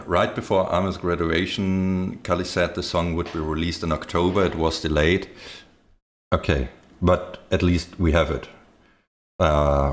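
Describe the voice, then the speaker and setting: A man streaming live, chatting casually and excitedly as he reacts to music videos, swearing freely and thinking aloud with lots of fillers. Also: very deep voice. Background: faint music from the videos.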